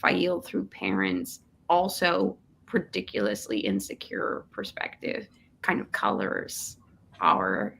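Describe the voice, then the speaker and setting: A woman's voice: lowish voice, vocal fry, a bit bright, a little hiss or hum. A woman guest on a podcast who shares her opinion hesitantly, often restarting her sentences. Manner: hesitant, self-correcting. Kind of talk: casual discussion.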